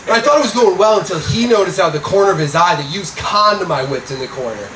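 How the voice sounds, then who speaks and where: Young male stand-up, deadpan with loud punchlines, roomy and noisy club sound. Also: high voice, quick pace. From Scranton, Pennsylvania, USA. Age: young adult. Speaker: stand-up comedian. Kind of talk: stand-up comedy set. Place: comedy club stage before a live audience. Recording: roomy club audio from a distance with noise.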